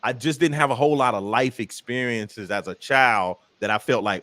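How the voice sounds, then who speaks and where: At a medium pitch and moderate pace, a comedian with a Southern US accent trades jokey stories as a guest in relaxed interview conversation. He's an animated storyteller, and the recording is dry.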